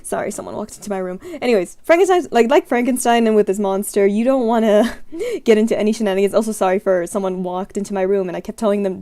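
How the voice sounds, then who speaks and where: A woman's voice: medium pitch, fast, warm tone. A young adult woman streamer in her room, chatting casually through scenario questions in a rambling, giggly, self-deprecating way.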